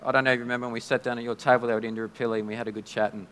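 A man preaching a sermon in a conversational, halting way, often restarting his sentences. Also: mid-range voice, flat delivery, fairly bright tone, a little hiss or hum. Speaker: pastor. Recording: long hall reverb.

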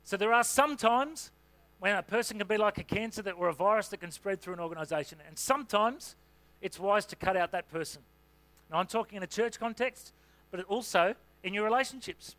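The sermon comes from a senior pastor with a high-pitched voice and a brisk pace. He talks in a relaxed, conversational way, frequently filling gaps with "you know."

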